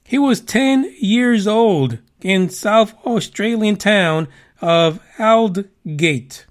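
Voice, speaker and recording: Profane, high-voiced podcast host. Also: male voice, drawn-out words. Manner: profane, rambling, wisecracking asides. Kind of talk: casual podcast news commentary.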